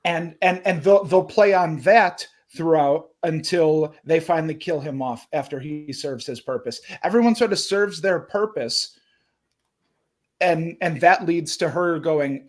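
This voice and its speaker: A man's voice: on the high side, a little slow. A man on a film podcast, talking through the plot in a rambling, casual way, restarting his sentences as he goes. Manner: rambling, restarts often, acts out characters' thoughts. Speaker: podcast panelist.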